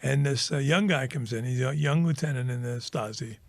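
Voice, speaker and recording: Gravelly animated male podcast host. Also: moderate pace, dry recording. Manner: animated storyteller, acts out characters with pitch jumps. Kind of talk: casual chat, retelling a film joke.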